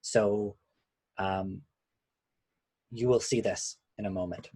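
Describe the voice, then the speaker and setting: Dry, husky-voiced male lecturer. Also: fairly low pitch, steady tone, mellow, dry recording. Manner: measured, explanatory, slows down on key points. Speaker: couples therapist teaching a webinar.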